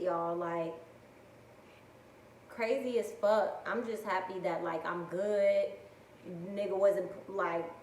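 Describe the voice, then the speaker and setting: Animated profane woman telling a story. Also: medium pitch, a little hiss or hum. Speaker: vlogger. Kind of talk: casual storytime vlog. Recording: echoey room with faint ambience.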